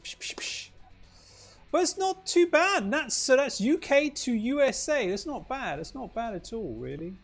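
A man's voice: very high-pitched, very animated, normal speed, hardly any pauses, soft background music. Chatty man streaming a game. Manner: chatty, exclaiming, talking to chat. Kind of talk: casual livestream commentary.

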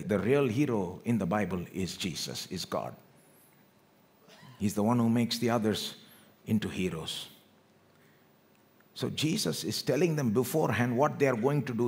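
A man from India preaching a sermon in church, acting out quoted speech with big swings between loud and quiet, and calling on the congregation to respond. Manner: animated, acts out quoted speech with big swings in loudness and pitch.

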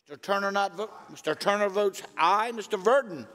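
A man, a reading clerk, calling the roll in a brisk, singsong way in a legislative chamber. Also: high-pitched, fairly bright tone. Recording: echoey chamber, long reverb.

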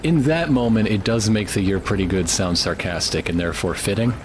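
Wisecracking young man, very animated voice. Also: lowish voice, brisk, background noise. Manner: wisecracking, absurd jokes. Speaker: let's play co-host. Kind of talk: casual game commentary.

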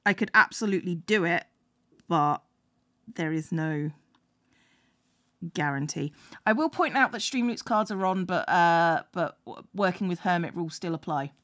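A woman's voice: lowish voice, lively intonation, normal speed, fairly bright tone. A woman hosting a live stream, chatting casually and making dry, wry remarks. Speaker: streamer, host. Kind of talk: casual chat.

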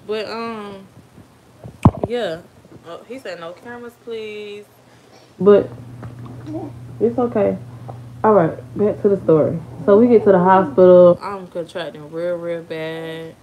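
A woman's voice: on the low side, takes it slowly, long pauses, dark tone. A young woman with an African American Vernacular English accent, telling a birth story in a chatty way and laughing often. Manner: chatty, laughs often, talks to kids off camera. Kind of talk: casual storytime.

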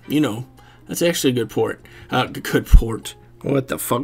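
A man's voice: mid-range voice, normal speed, vocal fry, breathy edge, soft background music. A man giving casual, rambling commentary over his own gameplay, swearing freely and chuckling often. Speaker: gaming commentator.

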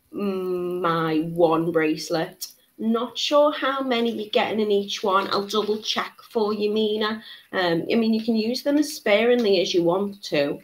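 A woman's voice: fairly high pitch, fairly bright tone. Bubbly chatty woman hosting a live stream. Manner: chatty, bubbly, reads out viewer comments. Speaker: host of a live beading tutorial. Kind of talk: casual live-stream chat.

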